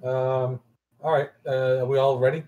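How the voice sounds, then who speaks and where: A man's voice: mid-range voice, flat delivery, normal speed, dark tone, dull audio. A man playing a tabletop game, chatting casually and joking with the group. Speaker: player.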